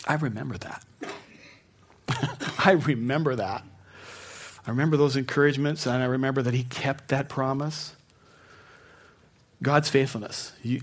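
A middle-aged man preaching a sermon, telling personal stories, dropping to a hush and then rising to fervent emphasis. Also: fairly high pitch, breathy edge. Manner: personal storytelling, swings from hushed to fervent. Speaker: pastor.

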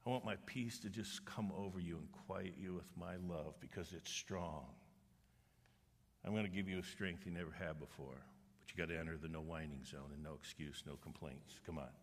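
A middle-aged man preaching a sermon, animated and humorous, rising to forceful exhortation. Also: deep voice, moderate pace, husky. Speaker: pastor. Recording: long reverb of a large hall.

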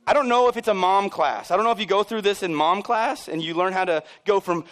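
A man's voice: high voice, fast, few pauses, fairly bright tone. Joking man preaching a sermon. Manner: conversational and joking, acts out voices of people he quotes. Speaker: pastor. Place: church.

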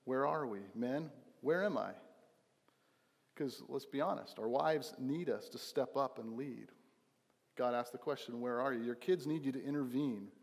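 A man's voice: medium pitch, unhurried, gravelly, husky, big-room sound. A young man preaching a sermon at his church, earnest and emphatic, often restarting his phrases. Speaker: pastor.

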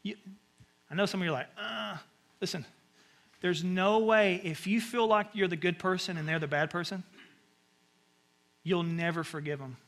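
A man with a Southern US accent, preaching a conversational sermon with sudden animated asides. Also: high voice, normal speed, long pauses. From American South. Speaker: pastor.

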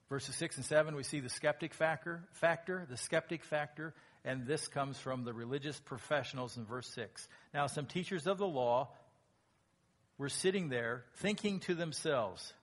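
A man preaching a sermon as pastor, lively and emphatic, acting out quoted lines in a raised voice. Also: medium pitch.

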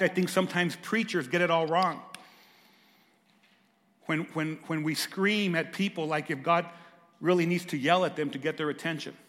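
A pastor preaching a sermon, swinging from raised, emphatic lines to hushed, soft ones. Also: male voice, fairly high pitch, big-room sound.

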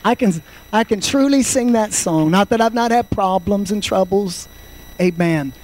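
High-voiced fervent preacher man in his fifties. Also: unhurried, slight background noise, poor audio. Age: 50s. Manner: fervent preaching, swings from loud shouts to quiet storytelling. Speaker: pastor. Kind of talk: sermon.

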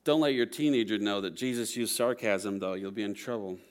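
A man's voice: lowish voice, a little fast. A man preaching a sermon to his congregation, conversational, with playful humor and frequent checks like "okay?". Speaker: pastor.

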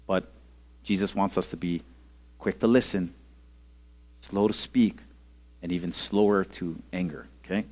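A pastor with a low, darkish voice delivers an unhurried sermon to young people, his intonation fairly level and broken by long pauses. The tone is casual and conversational, peppered with "okay?" and "amen?" and call-and-response, recorded as audio only.

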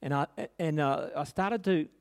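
A man's voice: fairly high pitch, normal speed, gravelly, clean tone. A middle-aged man preaching a sermon, telling a personal story in an earnest, conversational way with frequent restarts and tag questions.

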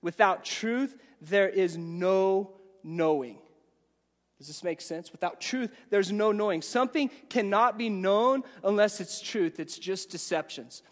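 A man's voice: sits high, unhurried. A man preaching an evening sermon, conversational and prone to repeating words as he speaks to the congregation. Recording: reverberant hall.

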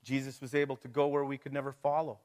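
A man's voice: mid-range voice, flat delivery, fast talker, darkish tone. Man, middle-aged, pastor, conversational sermon, rhetorical questions, chuckles.

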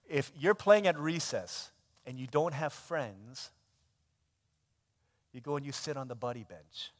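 Man preaching in a reverberant hall. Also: mid-range voice. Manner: animated storytelling with shifts between loud and hushed. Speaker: pastor. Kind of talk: sermon.

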